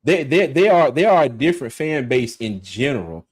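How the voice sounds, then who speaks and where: A man hosting a casual sports chat, friendly and halting, restarting his sentences. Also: medium pitch, big pitch swings, crowd noise. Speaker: podcast host.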